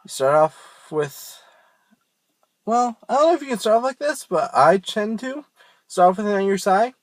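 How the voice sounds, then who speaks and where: A man's voice: sits high, animated, moderate pace, no echo. A young man giving a casual, rambling tutorial on screaming technique, joking at his own expense. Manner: rambling, self-mocking, loose and informal.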